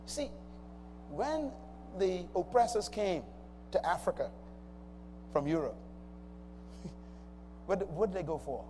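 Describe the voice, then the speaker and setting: A man's voice: high voice, very animated, takes it slowly, long pauses, warm tone. A man preaching a sermon, emphatic and calling out to the congregation. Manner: emphatic call-and-response preaching. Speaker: pastor. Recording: long hall reverb, faint noise.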